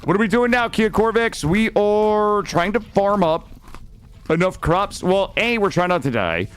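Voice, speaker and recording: A young man streaming a game, chatting casually with viewers, swearing often and swinging between loud remarks and muttering. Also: sits high, expressive, unhurried, clear, resonant tone, faint music behind. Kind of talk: casual gameplay chat with viewers. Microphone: studio microphone.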